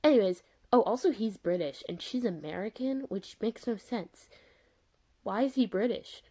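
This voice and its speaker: Young woman, casual rant-review vlogger, exasperated and rambling, mellow tone. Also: mid-range voice, lively intonation, moderate pace. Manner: exasperated, rambling with fillers and laughs.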